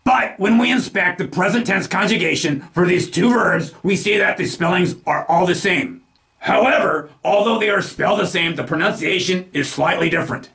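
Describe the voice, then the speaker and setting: A man narrating a scripted language lesson, reading example sentences slowly and with care. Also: high-pitched, vocal fry, pushed and bright, reverberant. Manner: slow deliberate enunciation of example sentences. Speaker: language teacher.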